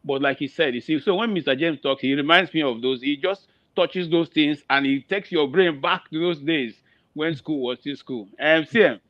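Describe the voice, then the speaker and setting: A man's voice: a little high, moderate pace, no echo, highs cut off. A man hosting a talk show, chatting nostalgically and rambling through a story. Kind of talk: casual chat.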